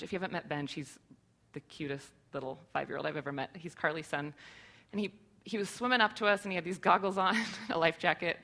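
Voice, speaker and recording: A woman's voice: on the low side, bright, forceful tone. A woman in her thirties giving a sermon to her church, earnest and conversational, with many rhetorical questions. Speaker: church speaker.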